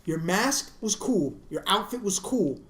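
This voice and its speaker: A woman co-hosting a casual podcast, ranting with animated energy into her mic. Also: mid-range voice, a little slow. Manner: animated, ranting, laughing between lines. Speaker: podcast co-host. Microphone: studio mic. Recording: echoey room.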